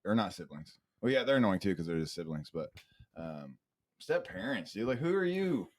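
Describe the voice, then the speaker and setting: A man's voice: lowish voice, big pitch swings, normal speed. A young man co-hosting a podcast in a casual chat, joking and teasing with plenty of swearing. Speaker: podcast co-host.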